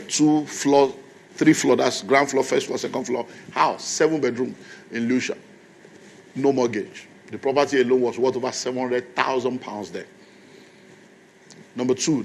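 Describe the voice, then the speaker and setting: A man's voice: medium pitch, fairly bright tone. Male Nigerian pastor, mid-range voice, storytelling sermon to a congregation. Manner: storytelling, conversational, repeating points to the congregation. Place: church.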